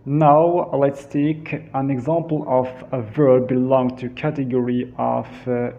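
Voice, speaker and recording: A man's voice: medium pitch, fairly even intonation, gravelly. Man drilling verb forms. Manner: drills word forms slowly, repeating each one. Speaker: English teacher. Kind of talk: grammar lesson, English with Darija explanations. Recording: dull, lo-fi sound.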